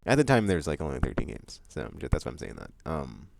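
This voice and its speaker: A man hosting his monthly vlog, chatting loosely with lots of fillers, restarts and bursts of excitement. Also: rumbling low, quick pace, vocal fry, a little hiss or hum. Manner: excitable outbursts about upcoming games. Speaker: vlog host. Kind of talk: casual rambling monthly vlog chat.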